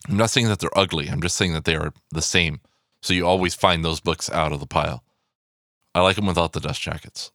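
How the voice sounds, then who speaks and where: A man with a very low, deep voice hosting a podcast solo. He rambles excitedly from aside to aside and swears freely. The sound is dry and close, with no room echo. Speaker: podcast host. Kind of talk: casual podcast monologue. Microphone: podcast microphone.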